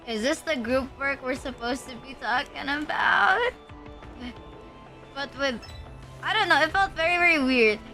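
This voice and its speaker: Young streamer girl, high bright voice, rambling and swearing a lot, faint music behind. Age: young adult. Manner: rambling storytelling, swears often, lots of "like". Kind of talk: casual livestream chat.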